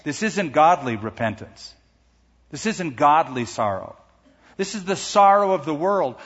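A middle-aged man preaching a sermon to a congregation, slowing down and raising his voice on the words he stresses. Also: fairly high pitch, sing-song, fairly bright tone, slightly rough. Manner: emphatic, slows and lifts his voice on key words. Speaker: pastor. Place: large church sanctuary. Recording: dull sound with long hall reverb.

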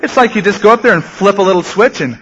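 A man delivers a sermon from the pulpit, speaking in a somewhat high voice. He talks conversationally and grows animated at times. The recording sounds dull and lo-fi. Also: fast, breathy edge. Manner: conversational preaching, sometimes animated. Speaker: pastor.

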